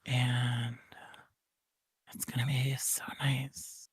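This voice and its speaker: A man putting on a hushed, breathy voice for a whispered role-play as a sleepy ASMR host. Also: mid-range voice, level tone, drawn-out words, no room sound, heavily acted. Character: mock ASMR host, adult man, soft and drowsy.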